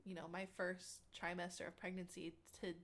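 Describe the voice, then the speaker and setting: A woman's voice: fairly low pitch, level tone, normal speed, a bit bright. A young woman, an interview guest, tells a personal story in a chatty way, full of "like" and acted-out quotes. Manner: chatty, many "like" fillers, acts out quotes. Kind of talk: casual storytelling.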